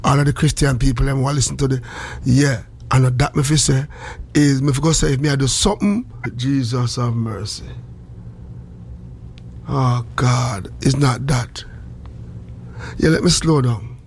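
A man speaking patois in casual chat, rambling and animated with a sing-song lilt. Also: medium pitch, a little fast, a little hiss or hum.

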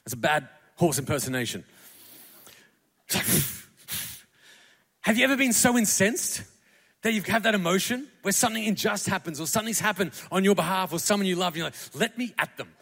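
A man preaching a sermon to a congregation, building from quiet, tender passages to fervent, shouted crescendos. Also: high-pitched, expressive, moderate pace, creaky, pauses often. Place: church hall. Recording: long hall reverb.

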